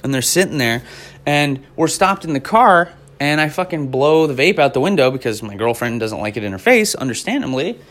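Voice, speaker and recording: Man in his twenties, stand-up comedy rant, profane, rambling, exasperated, medium pitch. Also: lively intonation, fairly quick, fairly bright tone. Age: 20s.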